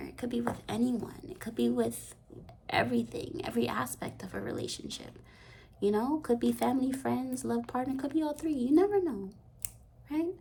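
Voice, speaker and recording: A woman giving a rambling, soft-spoken tarot reading that often slips into a half-whisper. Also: on the high side, creaky, slightly rough. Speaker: tarot card reader. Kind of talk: intuitive pick-a-card reading.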